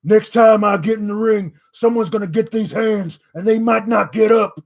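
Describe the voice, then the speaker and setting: A man's voice: high-pitched, normal speed, gravelly. A man putting on the voice of a boastful, threatening male wrestler in a mock interview. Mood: menacing.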